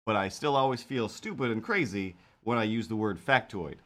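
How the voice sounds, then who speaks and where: A man's voice: on the low side, lively intonation, normal speed, fairly bright tone. A man rambling playfully on a live stream while he draws. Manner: rambling, playful, talks to imaginary cats. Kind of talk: casual live-stream chat while drawing.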